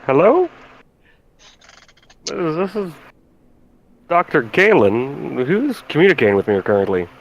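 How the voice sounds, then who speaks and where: Man doing a startled doctor over the comm, high and lively, questioning. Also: unhurried, long pauses, exaggerated voice. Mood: confused.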